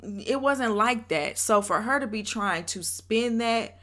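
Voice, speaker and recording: A young woman hosting her own channel, giving an opinionated, animated review of a reality show and talking straight to her viewers. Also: fairly high pitch, slow pace. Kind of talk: casual commentary rant.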